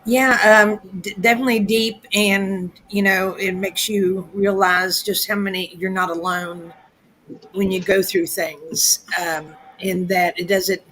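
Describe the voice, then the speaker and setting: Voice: medium pitch, flat delivery, unhurried, pushed and bright, poor audio. A panelist chatting casually, hesitant and leaning on many fillers. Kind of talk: casual chat.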